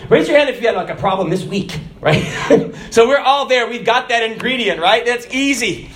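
A man's voice: very high voice, moderate pace. A man preaching a sermon, telling jokes and acting out the characters in his stories. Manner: animated storytelling, acting out characters. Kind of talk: joke-filled sermon.

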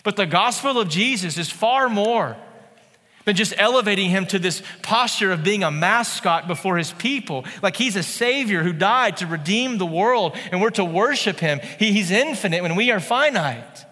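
A man in his thirties preaching a sermon in a church, conversational and animated, with playful asides. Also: sits high, moderate pace, long reverb tail. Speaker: pastor.

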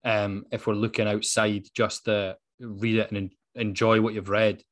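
A man's voice: fairly low pitch, little pitch movement, normal speed. Man, Dundee Scottish accent, podcast co-host, casual chat, earnest, lots of ums. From Dundee, Scotland. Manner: earnest, passionate, with frequent ums.

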